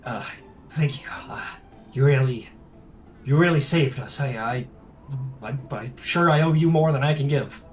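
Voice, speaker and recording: A man's voice: medium pitch, a little slow, soft background music, lightly acted. A man voicing a flustered, grateful gnome tinkerer who stammers his thanks in a tabletop game.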